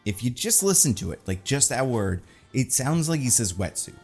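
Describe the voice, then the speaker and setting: A man's voice: mid-range voice, sing-song, normal speed, a little mellow, breathy edge, soft background music. A man hosting casual, rambling movie commentary in a sarcastic, joking tone with lots of fillers. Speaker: film commentary host.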